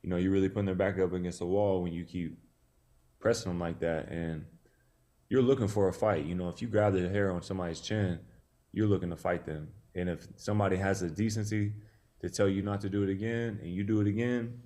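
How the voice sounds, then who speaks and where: A man's voice: low-pitched, fairly even intonation, a little fast, mellow. A male boxer in his thirties from Tennessee, telling a story in a casual interview, laid-back with many fillers. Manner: laid-back, many "you know" fillers, acts out quoted dialogue.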